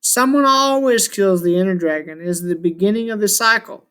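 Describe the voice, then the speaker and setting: A man's voice: high-pitched, moderate pace, pushed and bright, clean tone. Man reading as a grumbling ancient chaos god. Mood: scornful. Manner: grumbling, contemptuous, grandiose. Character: ancient scornful male chaos god in shulker shell.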